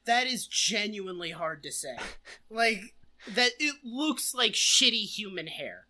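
Bright mocking woman. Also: mid-range voice, animated, measured pace. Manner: mocking, swearing, laughing. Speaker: podcast co-host. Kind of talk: casual movie-review chat.

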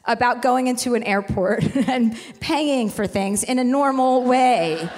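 A woman's voice: fairly high pitch, unhurried, darkish tone, a little hiss or hum. A woman in her forties, talking frankly and with plenty of profanity as a guest on a stage. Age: 40s. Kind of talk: candid live conversation. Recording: long hall reverb.

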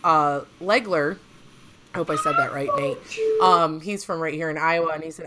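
A woman's voice: low-pitched, sing-song, normal speed, pushed and bright, slight background noise. A woman hosting a casual podcast chat, telling stories in a chatty way and often laughing. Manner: chatty storyteller, laughs often, acts out quotes.

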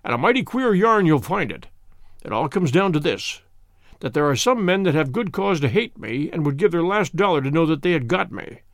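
A blunt, folksy American fugitive. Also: male voice, a little high, big pitch swings, a little fast, no echo, studio quality. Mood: frank. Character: American fugitive man, older, frank and plain-spoken.

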